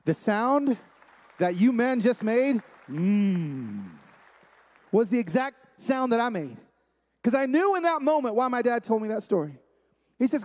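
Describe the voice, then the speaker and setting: A man's voice: very high voice, big pitch swings, unhurried, darkish tone. A man giving an emphatic, story-driven sermon-style talk to a live audience in a large room, repeating his key lines for weight. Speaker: speaker at a men's gathering. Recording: long hall reverb.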